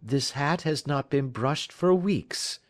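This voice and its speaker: A man's voice: fairly high pitch, slow pace, pitched above the performer's own voice. A man voicing a confident male detective who explains his deductions in a precise, lecturing manner.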